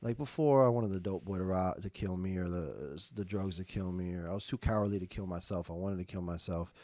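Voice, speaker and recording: A man's voice: sits low, fairly quick, warm tone, dry recording. A young adult man telling his recovery story as a podcast guest, emphatic and slangy, repeating words and quoting himself. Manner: swearing street slang. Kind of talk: candid recovery story in conversation.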